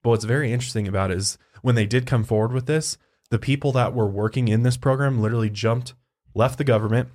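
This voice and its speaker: A man's voice: mid-range voice, fast talker, darkish tone. A man co-hosting a podcast, talking in a loose, rambling way and swearing casually. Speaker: podcast co-host.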